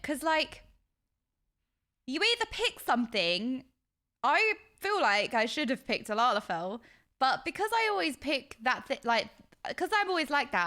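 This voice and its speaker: A woman with a fairly high, bright, forceful voice streams a game and chats casually with viewers. She is effusive and talkative, calls herself yappy, and leans on extreme language.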